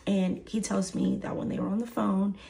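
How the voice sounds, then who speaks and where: A woman's voice: mid-range voice, normal speed, vocal fry. A young woman from Texas telling a personal story in a casual way, acting out the quoted dialogue. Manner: animated, acts out quoted dialogue.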